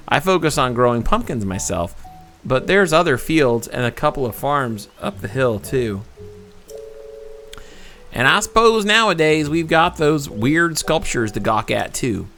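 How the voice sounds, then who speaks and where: A man's voice: medium pitch, a bit bright. A man voicing a stubborn, hopeful village pumpkin farmer who chats in a homespun way. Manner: chatty, homespun. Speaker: farmer character.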